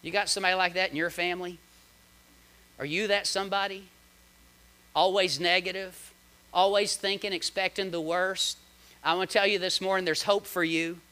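Male pastor, sermon delivery, high voice with a very bright edge, dramatic swings in volume. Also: steady tone, normal speed, long pauses, clean tone. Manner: dramatic preaching with big swings in loudness and pitch; reads scripture aloud and comments on it.

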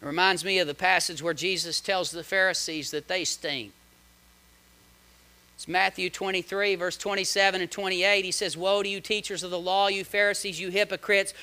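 Male pastor, sermon delivery, high voice with a very bright edge, dramatic swings in volume. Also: clean tone. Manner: dramatic preaching with big swings in loudness and pitch; reads scripture aloud and comments on it.

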